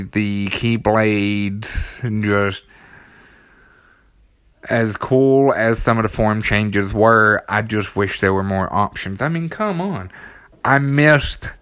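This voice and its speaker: A gaming commentator with a lowish, fairly bright male voice, recorded dry, chats casually about a video game alongside a small child. He rambles enthusiastically, with plenty of ums and restarts.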